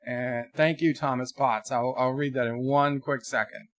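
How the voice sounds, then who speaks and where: A man's voice: mid-range voice, fairly even intonation, normal speed, no room sound. A man chatting casually on his live stream at home, telling a rambling story and reading chat messages aloud. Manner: rambling storyteller, many restarts.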